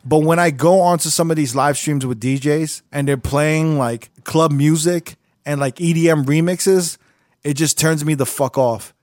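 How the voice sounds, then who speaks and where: A man's voice: on the high side, steady tone, normal speed, darkish tone, no echo, studio quality. A man hosting a casual podcast, talking loosely with plenty of swearing. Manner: loose, profane, laid-back.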